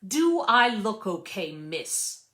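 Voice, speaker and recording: A woman's voice: fairly low pitch, lively intonation, measured pace, creaky, sharp tone, heavily acted. A woman voicing a stiff, condescending British male chef who speaks in clipped, over-enunciated words. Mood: curt.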